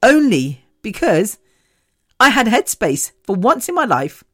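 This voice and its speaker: A woman's voice: on the high side, big pitch swings, a little slow, fairly bright tone. A woman hosting a podcast, candidly telling a personal story in a chatty way, swearing freely and laughing often. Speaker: podcast host.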